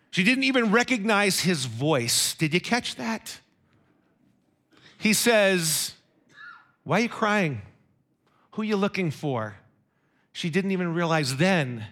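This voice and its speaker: A man with a high, bright voice preaching a sermon. He keeps it conversational, turning to his listeners with questions as he goes.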